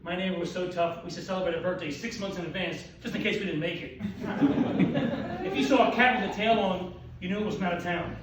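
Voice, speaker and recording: An older man from Delaware fires off self-deprecating one-liners in a high voice. He is picked up from a distance in a very reverberant hall, with clear room noise behind him. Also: brisk. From Wilmington, Delaware, US. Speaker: orthopedic surgeon telling jokes. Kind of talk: stand-up comedy at a dinner event. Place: banquet hall with audience. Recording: roomy hall audio with crowd laughter.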